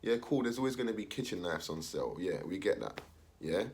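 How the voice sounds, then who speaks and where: A man's voice: deep voice, lively intonation, brisk, a little mellow. A young man, talking casually in street slang, ranting his opinion and acting out the voices of others. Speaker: commentator.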